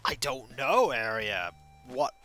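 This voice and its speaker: A man's voice: mid-range voice, big pitch swings, slow pace, sharp tone, faint music behind. A man in his thirties streaming a video game, chatting in a playful, rambling, self-mocking way. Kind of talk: casual live game stream commentary.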